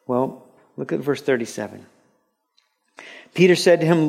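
A man preaching a sermon to a congregation in an earnest, conversational way, sometimes building to animated storytelling. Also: on the high side, a little slow, creaky. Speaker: pastor. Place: church, broadcast on radio.

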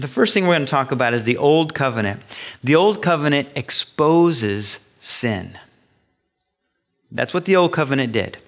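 Man preaching, middle-aged, animated delivery, acts out voices, mid pitch. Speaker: pastor. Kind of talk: sermon.

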